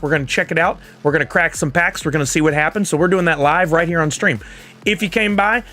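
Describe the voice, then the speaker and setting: A man's voice: a little high, a bit bright. A man hosting a casual livestream, chatty and upbeat, walking viewers through steps and reading out their comments. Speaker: livestream host.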